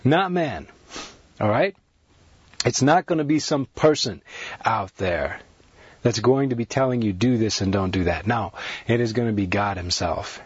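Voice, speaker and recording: A man's voice: lowish voice, normal speed, husky, no room sound. A man preaching a sermon to a broadcast audience, earnest and repetitive, building his points with rising emphasis. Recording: dry, dull lo-fi sound.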